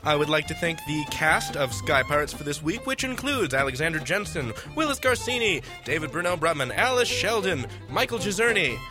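A man doing playful improvised banter on a college radio comedy show, goofy and excitable. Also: a little high, fairly quick, hardly any pauses, music in the background.

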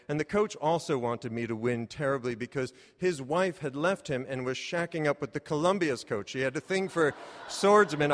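A man telling a comic personal story, animated and self-mocking, breaking into loud exclamations. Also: on the high side. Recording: reverberant hall.

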